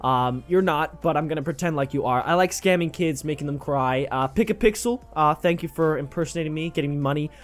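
A man's voice: a little high, fairly quick, few pauses, natural voice. A man impersonating a smug male YouTuber who brags about scamming kids.

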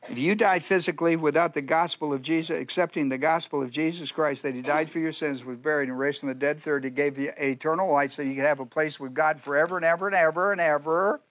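A male pastor preaching a sermon in a folksy, joking way, full of quick asides and playful jabs at his listeners. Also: a little high, fairly even intonation, fairly bright tone.

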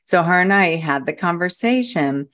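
A woman talking as a podcast guest, telling stories in an animated, casual way with frequent restarts. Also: on the low side, moderate pace. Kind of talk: casual interview chat.

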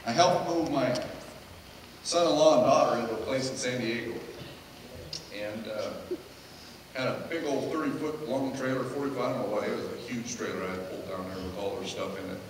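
A middle-aged man, a pastor, preaching in a lively, joking way and acting out the people in his stories. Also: mid-range voice, brisk. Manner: animated, jokey storyteller acting out quotes. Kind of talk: sermon with storytelling. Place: church hall. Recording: echoey hall, distant mic, noisy.

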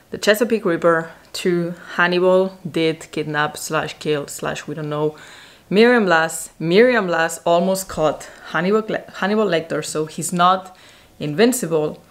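A woman's voice: fairly low pitch, unhurried. A young woman chatting casually as a vlogger, recapping a TV show, a bit out of breath. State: pregnant, out of breath.

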